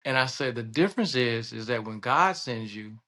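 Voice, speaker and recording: Bright-voiced Southern man telling lively stories. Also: mid-range voice, normal speed. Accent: Southern American. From American South. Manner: animated, laughing often, acting out voices in anecdotes. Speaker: podcast guest, surgeon and state senator. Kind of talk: casual storytelling conversation.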